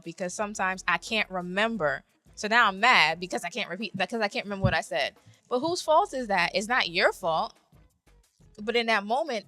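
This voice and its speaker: A woman co-hosting a casual podcast chat, telling stories in a lively way and acting out what people said. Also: mid-range voice. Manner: animated storytelling, acts out quotes. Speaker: podcast co-host.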